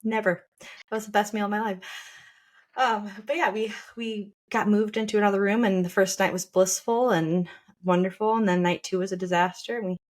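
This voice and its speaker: A woman's voice: mid-range voice, steady tone, a little fast. A young woman podcast host telling her birth story in a casual, chatty way, full of quoted asides.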